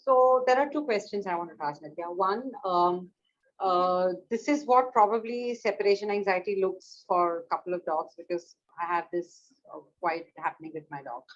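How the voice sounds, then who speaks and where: A woman on a group call asking the facilitator questions hesitantly, with many fillers, trailing off quietly. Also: on the low side, moderate pace, lo-fi sound, a little hiss or hum.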